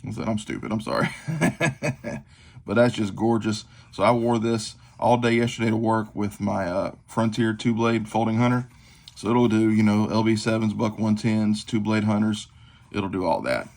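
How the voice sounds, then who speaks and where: A man's voice: fairly low pitch, fairly even intonation, normal speed, a little mellow. A man, talking casually and rambling through a show-and-tell of his gear, with lots of fillers and self-deprecating asides. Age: 40s. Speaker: knife collector vlogger. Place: tabletop at home.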